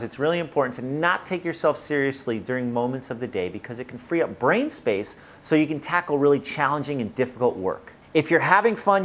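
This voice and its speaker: Playful, lively-voiced tips host. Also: medium pitch. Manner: playful, jokey, energetic. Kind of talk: upbeat tips video.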